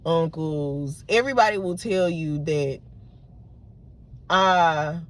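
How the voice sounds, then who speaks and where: A woman's voice: low voice, slow. Frustrated woman vlogger in her late twenties. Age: late 20s. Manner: frustrated, retelling an argument with many fillers and restarts. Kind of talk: unedited casual monologue to camera.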